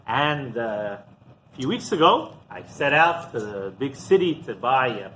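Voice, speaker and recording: A man's voice: mid-range voice, measured pace, a little hiss or hum, rough recording. A man who is a rabbi telling a story in a sermon, acting out the dialogue. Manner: animated storyteller, acts out dialogue.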